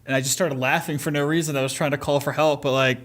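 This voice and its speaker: A man's voice: on the high side, steady tone, a bit bright. A man in casual podcast chat, rambling with lots of filler words. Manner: rambling, many "like" fillers, quick asides.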